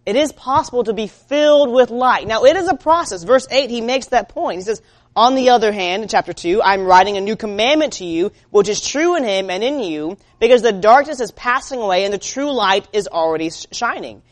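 A woman's voice: animated, fairly quick. Earnest woman preaching a sermon. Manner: earnest, shifts between loud urging and quiet low lines.

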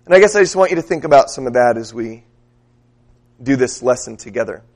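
A man preaching a sermon, telling a story in a relaxed, conversational way and putting questions to the congregation. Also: mid-range voice, fairly quick.

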